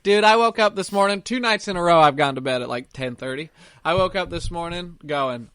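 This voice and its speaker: A man's voice: high-pitched, fairly quick, sharp tone, smooth, no echo. A young man co-hosting a podcast, telling rambling stories and laughing at his own jokes, recording from his camper. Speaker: podcast co-host. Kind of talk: casual chat.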